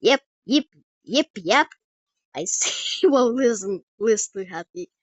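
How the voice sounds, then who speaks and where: A woman's voice: a little high, expressive, takes it slowly, husky, no room sound, heavily acted. Girl doing a rowdy texan cowboy sheriff, hollering, dull dry audio. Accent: Texan put-on. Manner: hollering, chuckling. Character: brash Texan cowboy sheriff, loud and folksy.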